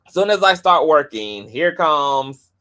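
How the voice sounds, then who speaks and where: A man hosting a livestream in a chatty, animated way, with playful asides and quick rundowns of channel plugs. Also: fairly high pitch. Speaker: host. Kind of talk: casual livestream commentary.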